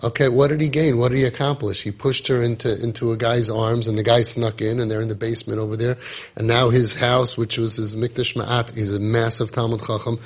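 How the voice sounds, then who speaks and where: Husky emphatic man telling a story. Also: medium pitch, level tone, fairly quick. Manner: emphatic, repetitive, dramatic retelling. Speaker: parenting coach. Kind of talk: podcast storytelling talk.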